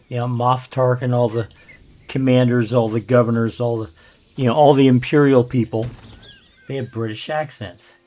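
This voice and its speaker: A man's voice: mid-range voice, darkish tone. An older man giving rambling, self-deprecating commentary as a let's play host. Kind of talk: casual gameplay commentary.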